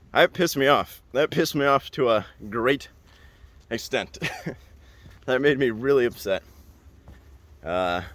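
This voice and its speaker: Young guy on his podcast, animated storytelling, keeps repeating himself for emphasis, mid-pitched voice. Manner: animated, repeats phrases for emphasis, laughs between lines. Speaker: podcast host. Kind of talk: casual storytelling.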